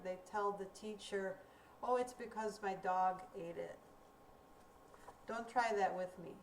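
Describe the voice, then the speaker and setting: A woman teaching a recorded grammar lesson, speaking slowly and clearly in a deliberate teaching manner. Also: mid-range voice. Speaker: ESL teacher. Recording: roomy, distant mic with faint room noise.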